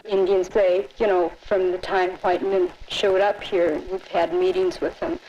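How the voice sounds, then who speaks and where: A woman speaking calmly and reflectively in a documentary interview. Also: on the low side, a little slow, highs cut off.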